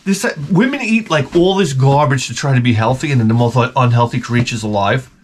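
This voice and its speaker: A man's voice: mid-range voice, brisk, slight background noise. A man hosting his own vlog, telling crude, profane stories in a rambling comic monologue. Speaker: vlog host.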